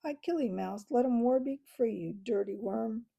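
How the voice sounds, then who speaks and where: A woman's voice: on the high side, normal speed, vocal fry, mellow, breathy edge. A woman voicing an angry captive young female sparrow who chatters broken threats in a storybook reading. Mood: furious.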